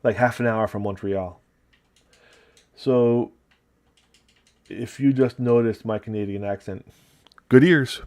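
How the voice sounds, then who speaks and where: A man's voice: mid-range voice, takes it slowly, pauses often. A man with an upstate New York accent, hosting a casual livestream and chatting loosely while he paints and reads the chat. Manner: relaxed, rambling, talking while working and reading chat. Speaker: livestream host painting miniatures.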